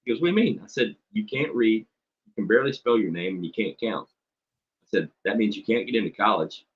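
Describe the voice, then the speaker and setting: A man's voice: lowish voice, fairly quick, slightly rough. A man, a substitute teacher telling a story in blunt, profane casual chat. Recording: dull lo-fi stream audio.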